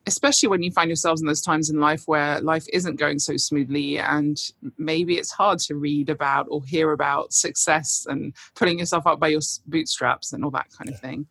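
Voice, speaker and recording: A woman's voice: deep voice, fairly even intonation, normal speed, vocal fry, few pauses, fairly bright tone, husky, dry recording. A woman bookseller as a podcast guest, chatting enthusiastically and laughing often. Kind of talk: casual interview chat.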